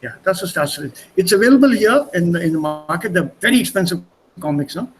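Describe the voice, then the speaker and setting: A man's voice: high-pitched, animated, fast, low-quality recording. A man teaching an online language class over a video call, chatty, repeating words and switching between languages.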